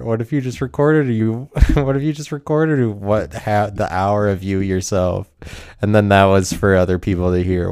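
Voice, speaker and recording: A man's voice: lowish voice, darkish tone, no echo, studio quality. A man hosting a podcast in a rambling solo monologue, self-mocking and profane, laughing often. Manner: profane, provocative. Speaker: podcast host.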